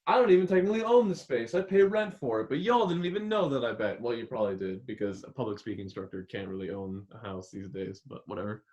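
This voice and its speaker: A man lecturing as a public speaking instructor who keeps shifting his volume and tone to sound expressive. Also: mid-range voice, fast talker, few pauses, highs cut off. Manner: expressive, constantly varying volume and tone. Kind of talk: recorded lecture. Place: rented room used as a classroom. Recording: echoey room.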